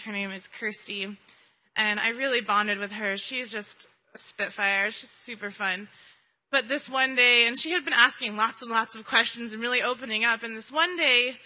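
Earnest bright-voiced woman giving testimony. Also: fairly high pitch. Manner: earnest and conversational, with frequent ums. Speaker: church member giving a mission-trip testimony. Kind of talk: personal testimony at a church service. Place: church hall. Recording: reverberant hall sound.

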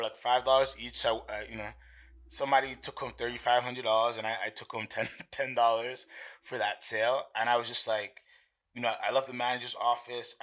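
Bright-voiced man rambling through a story. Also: medium pitch. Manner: rambling, many fillers and restarts. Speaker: watch salesman telling his story. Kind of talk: casual storytelling.

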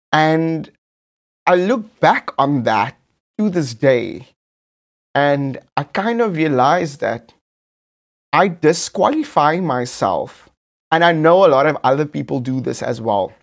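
A man with a South African English accent, a podcast host telling a personal story in a camp, animated, casual way, repeating phrases for effect. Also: on the high side, unhurried.

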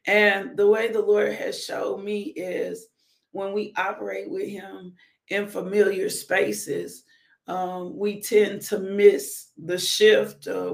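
A woman leading a live-streamed morning devotional, speaking warmly to her viewers and breaking into whoops and laughter. Her voice has a gravelly, creaky texture at mid pitch. The sound is roomy and echoey. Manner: conversational preaching, addresses viewers directly. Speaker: devotional host.

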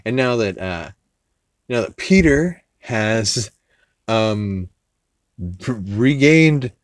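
A man's voice: fairly low pitch, animated, drawn-out words, no room sound. A man hosting a podcast, casually recapping an episode in a rambling, profane way with many fillers and restarts. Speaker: podcast host.

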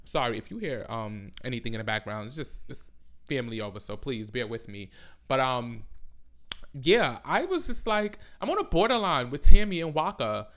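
A man's voice: mid-range voice, very animated, moderate pace, fairly bright tone. A young man hosting a casual solo podcast from home, rambling and self-mocking, swearing freely, with "like" in every other sentence. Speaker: podcast host. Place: home with family over. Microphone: close podcast mic.

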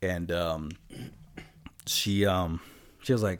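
A man's voice: low-pitched, fairly even intonation, normal speed, a little mellow, dry recording. A man co-hosting a podcast, telling stories in a loose, profane, laid-back way. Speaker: podcast co-host. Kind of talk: casual storytelling.

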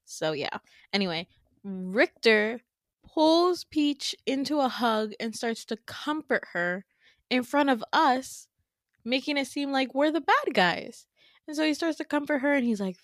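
A young woman hosting a podcast, retelling a dream in a casual, animated way with swearing and laughing asides. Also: high-pitched, a little slow, no room sound, studio quality. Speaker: podcast host. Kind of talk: casual storytelling.

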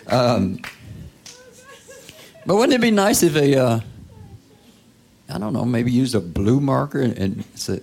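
A man's voice: mid-range voice, very animated, slow, gravelly, long pauses, darkish tone, slightly rough. A man preaching a sermon in a church, talking to the congregation in a conversational way, asking rhetorical questions and sometimes dropping to a whisper.

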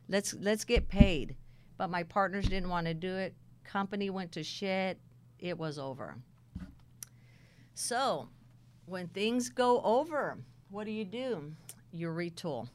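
A middle-aged woman casually telling her career story, blunt and animated, acting out the dialogue. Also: medium pitch, clean tone.

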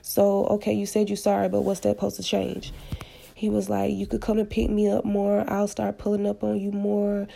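A woman's voice: mid-range voice, completely flat delivery, normal speed, gravelly, dark tone, slight background noise. A woman casually retelling a personal story with blunt, slangy, profane candor. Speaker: podcast storyteller.

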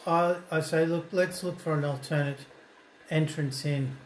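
A man playing a tabletop role-playing game, speaking casually and putting on bold, threatening bluster in character. His voice sits a bit high. An echoey room with faint noise surrounds him. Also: steady tone, measured pace. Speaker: player.

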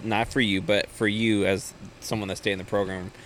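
Young guy co-hosting a backyard chat, lowish voice, teasing questions, faint traffic around. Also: flat delivery, normal speed, fairly bright tone. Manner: joking, prodding questions. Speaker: podcast co-host. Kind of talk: casual chat. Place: outdoors in a backyard.

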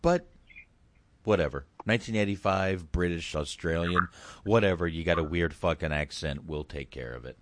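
A man's voice: low-pitched, moderate pace, a bit bright, dry recording. A man giving casual, rambling reaction commentary on a film clip, swearing and restarting his sentences. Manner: rambling, profane, hesitant restarts.

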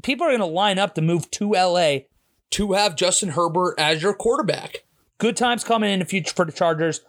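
Speaking in a high-pitched, slightly bright voice, a Pittsburgh-accented man from Pittsburgh hosts a podcast of casual sports betting commentary. His football picks are blunt and opinionated, and he doesn't hold back on swearing.

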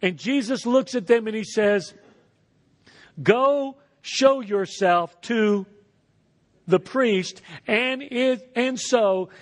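Brief: high-pitched male preacher, lively sermon in a big reverberant church. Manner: animated preaching, acting out voices, audience call-and-response. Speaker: pastor. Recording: reverberant hall.

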